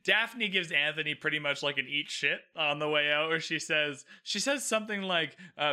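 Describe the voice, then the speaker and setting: A man hosting a recap podcast alone, talking in a chatty, animated way, often laughing at himself. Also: fairly high pitch, moderate pace. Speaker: podcast host.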